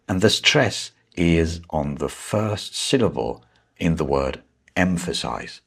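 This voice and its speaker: Slow, husky-voiced man teaching English. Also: sits low, animated. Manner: slow, patient explaining with stressed key words. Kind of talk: vocabulary lesson.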